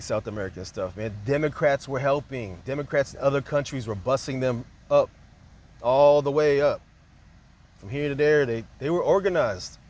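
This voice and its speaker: A man of ordinary mid-range pitch holding forth in a casual, unscripted monologue. He rambles and hops between points, dropping easygoing fillers as he goes. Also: a little mellow, a little hiss or hum. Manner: loose and conversational, peppered with "man" and "like".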